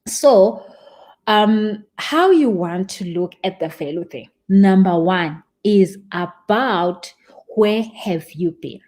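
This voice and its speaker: A young woman coaching a live-stream audience, animated and emphatic, stressing points by repeating words. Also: mid-range voice, slow. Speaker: spiritual business coach.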